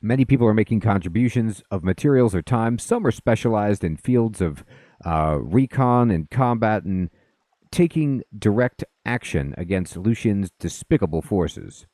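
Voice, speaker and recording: Brief: a man reading an elderly group leader, deep, dry close sound, barely acted. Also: lively intonation, moderate pace, warm tone, no room sound, lightly acted. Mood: earnest. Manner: read aloud plainly from on-screen dialogue. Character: very old man leading a secret group.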